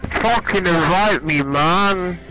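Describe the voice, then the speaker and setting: A man's voice: sits high, takes it slowly, over music, low-quality recording. A young man bantering aggressively in a voice chat, swearing and insisting. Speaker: friend in party chat.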